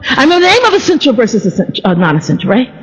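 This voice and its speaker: High-voiced woman rambling playfully. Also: wildly swooping pitch, racing, long reverb tail, low-quality recording. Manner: rambling and playful, with many stammered restarts. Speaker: vlogger. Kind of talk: casual faith monologue.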